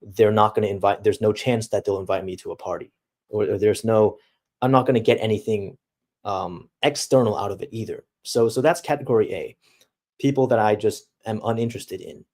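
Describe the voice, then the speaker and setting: Laid-back slangy young man, low voice. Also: fairly quick, a little mellow. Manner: slangy and laid-back, peppered with dude and bro. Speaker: streamer. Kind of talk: casual livestream talk reading chat.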